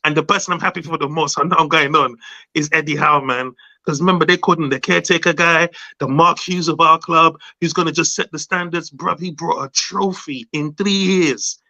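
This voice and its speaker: Bright-voiced excitable man. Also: a little high, vocal fry, low-quality recording. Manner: animated, gushing, quick to laugh. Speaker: fan guest on a football podcast. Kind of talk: excited casual chat.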